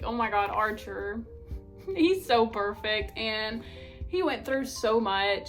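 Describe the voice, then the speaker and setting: Young woman, casual book vlog, gushing, slightly high voice, faint background music. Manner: gushing, animated, many fillers like "like". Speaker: book vlogger. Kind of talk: casual book review chat.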